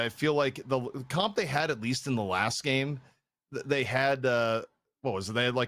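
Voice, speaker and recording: A man's voice: medium pitch, a bit bright. A man casting an esports match, giving analytical commentary and thinking aloud with frequent restarts. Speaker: esports caster.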